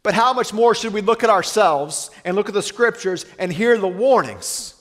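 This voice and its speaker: Male pastor, high voice, earnest sermon delivery, reverberant church hall. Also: animated. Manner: earnest, slows and softens for weighty lines.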